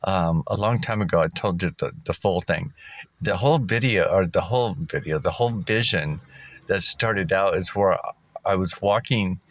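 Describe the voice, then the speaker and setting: A man's voice: low-pitched, normal speed, no echo. A man vlogging from a park, talking in a loose, rambling way with fillers and chuckles. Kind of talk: casual rambling vlog. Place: outdoors at a park.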